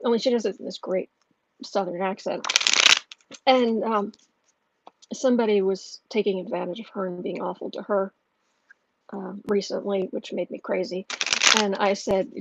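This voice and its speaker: A woman hosting a casual livestream and reading viewer comments aloud, chatty and quick to laugh. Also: medium pitch, fairly even intonation, vocal fry, lo-fi sound, very noisy. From northern United States. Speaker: tarot reader and channel host.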